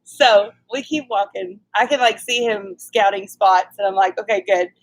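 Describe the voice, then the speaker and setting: A woman's voice: medium pitch, moderate pace, rough recording. A woman in her thirties co-hosting a casual live chat, laughing often as she tells a story that pokes fun at herself. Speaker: co-host.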